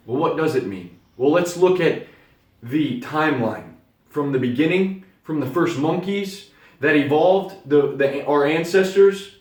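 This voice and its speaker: A young man gives an earnest, urging motivational monologue in a fairly high voice, speaking casually and swearing now and then. He sits back from the mic, so the sound is distant and echoes around the room. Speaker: motivational vlogger.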